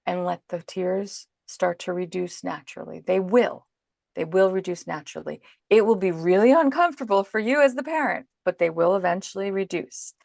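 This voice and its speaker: Calm, gravelly woman giving parenting advice. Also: mid-range voice, moderate pace, no echo, studio quality. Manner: calm, instructive, explains patiently. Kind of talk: podcast interview advice.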